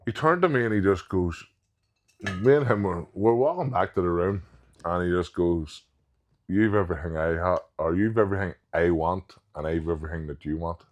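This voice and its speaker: A man's voice: low voice, moderate pace. A man, a professional strongman guest on a podcast, telling anecdotes in casual chat and acting out what others said. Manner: anecdotal, quotes others in retold dialogue.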